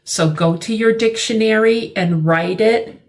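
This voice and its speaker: A middle-aged woman with a medium-pitched voice teaches a vocabulary lesson, speaking slowly and deliberately and repeating words for her learners.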